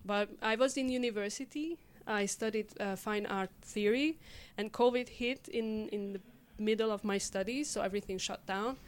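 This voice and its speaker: A woman's voice: medium pitch, moderate pace, few pauses. A young woman from Hungary, a community radio member, chatting casually and hesitantly with many fillers. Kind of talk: casual conversation.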